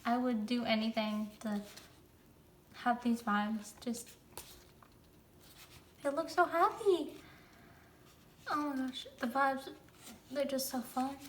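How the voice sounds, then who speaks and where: A young woman with a high voice chats her way through an unboxing, slow and drawn-out, spilling over with excited exclamations. She sometimes drops to a soft whisper. The room is echoey, with faint ambience behind her. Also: a little hiss or hum. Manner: gushing, excited exclamations and squeals. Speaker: vlogger unboxing a photobook. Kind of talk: casual unboxing chat. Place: room with a countertop, squeaky chair.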